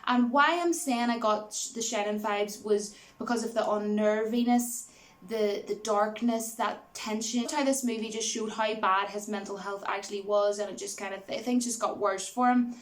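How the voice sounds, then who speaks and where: A woman chats her way through a movie review in a loose, rambling manner, padding her sentences with fillers. Her voice sits at an ordinary middle pitch, and she laughs easily as she retells favourite scenes. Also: fairly even intonation, normal speed. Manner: rambling, many fillers like "you know" and "like". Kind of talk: casual spoken film review.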